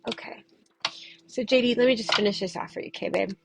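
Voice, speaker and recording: A woman's voice: fairly high pitch, fast talker, gravelly, heavy background noise. Chatty woman doing a casual livestream. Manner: chatty and loose, with frequent laughs. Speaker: tarot reader. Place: at home.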